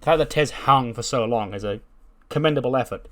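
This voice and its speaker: A man's voice: mid-range voice, fairly quick, fairly bright tone. A man casually recapping a wrestling sim game, with plenty of fillers and swearing. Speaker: game channel host. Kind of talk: casual let's-play commentary.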